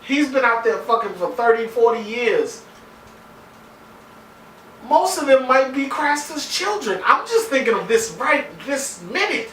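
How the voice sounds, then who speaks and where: A man giving a casual, profane episode recap, excitable and acting out scenes in voices. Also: extremely high pitch, measured pace, reverberant, distant mic, a little hiss or hum, poor audio. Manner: excitable, swears a lot, acts out scenes in voices. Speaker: TV episode reviewer.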